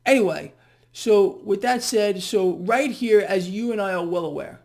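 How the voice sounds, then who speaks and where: A man's voice: sits high, normal speed, vocal fry, a little mellow. A male host delivering a blunt, ranting solo commentary on the markets. He talks sarcastically and mockingly, with heavy emphasis and sudden bursts of scorn.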